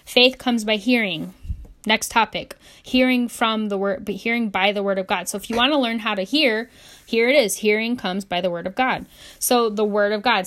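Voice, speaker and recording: Young woman doing a chatty bible teaching, lots of likes and ums, slows down reading verses. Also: medium pitch. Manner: conversational and earnest, many "like" and "um" fillers; reads scripture slowly and deliberately. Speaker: Christian YouTuber teaching on the Bible.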